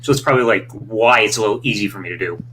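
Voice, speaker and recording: A man's voice: lowish voice, very fast, pushed and bright, a little hiss or hum. A man from Michigan chatting casually and offhandedly as a co-host. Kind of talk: casual chat.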